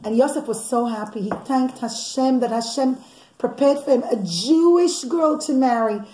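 Woman, mother, bedtime story, high voice, echoey room, animated. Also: normal speed. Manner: animated, laughing asides, religious teaching tone.

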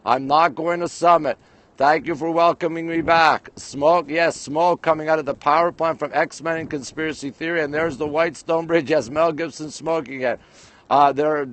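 A man's voice: fairly high pitch, a bit bright. A man from Canada livestreaming at night from a cold rooftop deck, greeting viewers by name and place as he shows the skyline. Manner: greets viewers by place and name, chatty tour-guide patter. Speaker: livestream host. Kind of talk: casual live-stream chat. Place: rooftop deck high up, outdoors at night in winter. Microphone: phone held in hand.

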